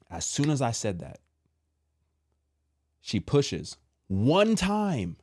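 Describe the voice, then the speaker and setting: A man casually telling a personal testimony, animated and full of slang, acting out what others said. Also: mid-range voice, drawn-out words, long pauses, breathy edge, no room sound, studio quality. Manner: animated, acts out quotes with slang. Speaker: storyteller sharing a testimony.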